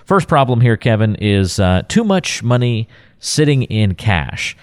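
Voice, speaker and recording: A man with a very deep voice hosts a radio talk show. He reads promos and lead-ins smoothly and tosses in light jokes with his guest. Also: sing-song, unhurried, a little mellow. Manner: smooth, scripted lead-ins, jokey asides.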